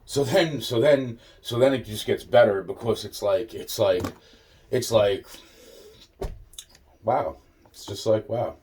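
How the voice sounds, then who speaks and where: A man's voice: lowish voice, takes it slowly, pauses often, a little mellow, a little hiss or hum. A man telling a rambling personal story. He swears constantly, loses his thread and trails off into repeated fillers.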